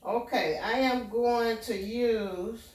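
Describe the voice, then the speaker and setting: A woman's voice: a little high, slow pace, far from the mic. A woman giving a casual home cooking demonstration, walking through each step in a homey way and often checking in with "okay?". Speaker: home cook. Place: home kitchen. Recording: echoey kitchen, voice from away from the mic.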